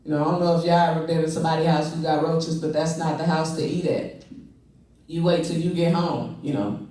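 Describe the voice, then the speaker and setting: A man's voice: fairly high pitch, steady tone, fairly quick, dark tone, heavy reverb. Guy doing standup to an empty club, chatty, laughs at his own stuff, mic kinda far off. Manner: loose, conversational, laughing at his own jokes. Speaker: stand-up comedian. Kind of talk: stand-up comedy.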